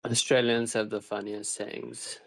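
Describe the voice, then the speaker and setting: A man's voice: on the low side, flat delivery, a little slow, gravelly, low-quality recording. Easygoing man chatting on a stream. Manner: easygoing, asks questions, laughs readily. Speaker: co-host on the stream. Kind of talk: casual live-stream chat.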